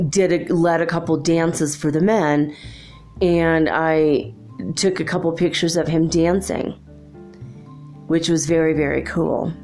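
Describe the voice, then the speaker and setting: Woman, low voice, casual rambling storytelling, lots of fillers, laughs often, faint music behind. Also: darkish tone.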